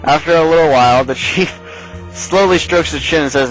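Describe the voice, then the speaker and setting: A man's voice: fairly high pitch, normal speed, a bit bright, poor audio. A man hosting a let's play, casually reading a text game aloud and adding his own asides. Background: faint game music.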